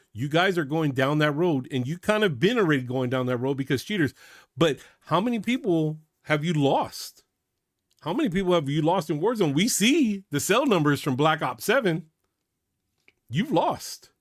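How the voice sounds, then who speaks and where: A man ranting on his own channel, his voice a touch high and his sound dry and close. He is openly worked up, swings between loud emphasis and hushed asides, and keeps tacking "man" onto his sentences. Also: no room sound. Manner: worked up, repeats "man" often; emphatic, drops loud to quiet. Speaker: channel host. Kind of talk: reaction video rant.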